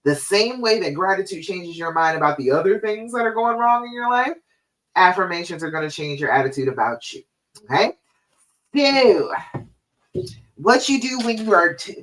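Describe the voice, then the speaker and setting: A woman's voice: fairly low pitch, a bit bright. A woman hosting a live-stream coaching show, encouraging listeners and checking in with "okay?" and "all right?". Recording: voice a bit far from the mic.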